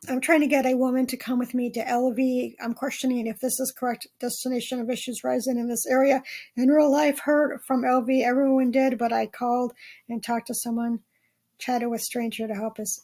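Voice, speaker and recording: Woman, high voice, casual podcast monologue, rambling and halting. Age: not 27. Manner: rambling, with many ums and restarts. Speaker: podcast host. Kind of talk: casual dream-journal monologue.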